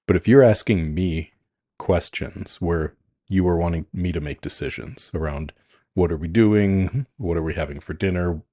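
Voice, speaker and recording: Very deep, husky-voiced man. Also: no room sound, studio quality. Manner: calm, frank and reflective, restarts often. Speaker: podcast co-host, coach. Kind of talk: casual chat.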